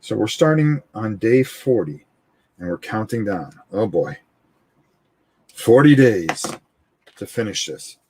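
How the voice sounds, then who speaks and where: A man with a husky, slightly rough voice talks through a board game at his table. He hosts a live stream, explains the rules in a loose, chatty way and thinks aloud as he goes. He keeps saying "all right" and often repeats words. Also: on the low side, animated, takes it slowly, long pauses, a little mellow. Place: indoors at a gaming table, filmed from overhead.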